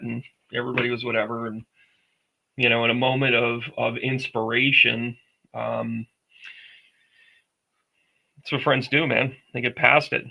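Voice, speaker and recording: A man's voice: mid-range voice, flat delivery, measured pace, gravelly, pauses often, sharp tone, dull audio. A man hosting a psychic medium livestream, talking to viewers in a rambling, chatty way with jokey asides. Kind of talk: casual livestream chat.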